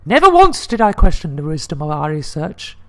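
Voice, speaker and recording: A man voicing a nervous woman corporate executive from a video game in a high falsetto lady voice, with her fear held under composure. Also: wildly swooping pitch, a little fast, bright, forceful tone, exaggerated voice. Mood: grave.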